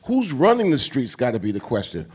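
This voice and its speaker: A man with a New York accent speaks on stage at an event. He talks in an animated, sermon-like way, loaded with street slang and casual profanity. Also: mid-range voice, fairly quick, slightly rough. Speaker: keynote speaker. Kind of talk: onstage conversation. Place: event stage before an audience.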